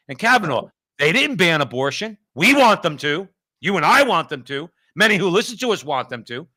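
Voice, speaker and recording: A man hosting a political talk show, fiery and combative, firing off rhetorical questions and rising to shouts. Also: sits high.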